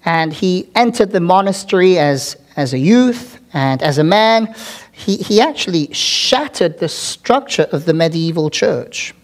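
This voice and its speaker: Male preacher mid-sermon; unhurried, emphatic, repeats key words, hushes for effect. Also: high-pitched, lively intonation. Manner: dramatic preaching, drops to whispers for emphasis; repeats words for emphasis, occasional filler ums. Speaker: pastor.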